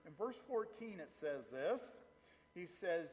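A middle-aged male pastor preaching with a lively, swinging delivery that rises and falls. His voice sits a little high for a man. It rings with a long reverb, as in a church hall. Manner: animated preaching, rising and falling, slow emphatic phrases. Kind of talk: sermon.

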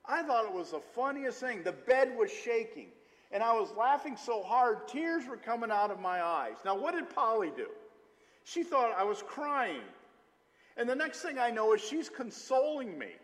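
A middle-aged male pastor delivers a sermon in a fairly high voice, moving between teaching and lively personal stories. He pauses often on "uh" as he speaks. His voice rings with the long reverb of a large hall. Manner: storytelling, animated, with frequent "uh" fillers.

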